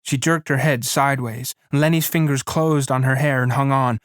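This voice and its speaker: A man narrating a novella in a measured, plain storytelling reading. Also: mid-range voice, fairly even intonation, no room sound, clean studio sound. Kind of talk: audiobook reading.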